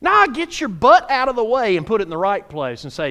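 A man preaching a sermon in a folksy, playful way, swinging from hushed tones to shouts. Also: high voice, huge pitch swings, fairly quick. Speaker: pastor.

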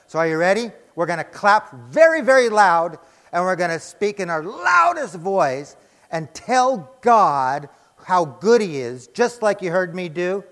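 In a church sanctuary where his voice rings out with a long, lingering reverb, a high-voiced man preaches emphatically. He keeps posing rhetorical questions and supplying his own answers.

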